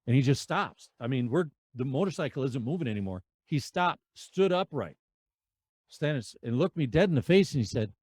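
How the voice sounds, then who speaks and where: A man in his fifties telling road stories as a podcast guest, animated and acting out the dialogue. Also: medium pitch, brisk, slightly rough, no room sound. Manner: animated storyteller who acts out dialogue. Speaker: podcast guest, veterans' charity rider. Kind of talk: conversational storytelling.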